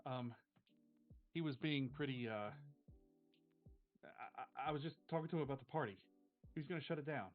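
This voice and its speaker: A man's voice: medium pitch, brisk, long pauses, lightly acted. A man voicing a frightened, apologetic teenage boy who stammers and repeats himself, close to hyperventilating, over tinny stream audio with faint music. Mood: shaky. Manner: stammering, repeating words, pleading. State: near hyperventilating.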